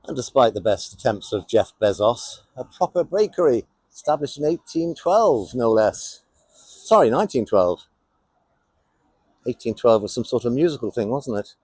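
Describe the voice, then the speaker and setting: A man's voice: medium pitch, very animated, moderate pace, darkish tone, breathy edge, no room sound. Wry English man on a street walk. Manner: wry, sardonic asides. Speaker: vlogger on a town walk. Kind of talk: casual walking commentary. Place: outdoors on a town street.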